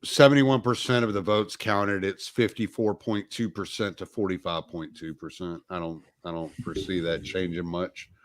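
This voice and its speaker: A man's voice: low voice, normal speed, hardly any pauses. A man on an election-night livestream, steadily reading out vote counts with plenty of "uh"s. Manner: steady, reads out numbers with fillers. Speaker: livestream co-host reading results. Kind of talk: casual election-night commentary.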